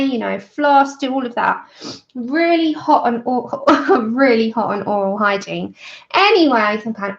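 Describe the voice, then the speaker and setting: Colouring on a livestream, a woman in her 30s chats casually, laughing a lot and acting out her own story with quoted voices. Her voice is fairly high and creaky, and the sound is lo-fi.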